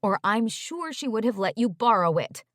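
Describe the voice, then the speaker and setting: A woman's voice: on the high side, very animated, moderate pace, fairly bright tone, no room sound, studio quality. A woman voicing an older mother who gushes and chatters on, talking over everyone, read in an audiobook. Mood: chattering. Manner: effusive, talks over others.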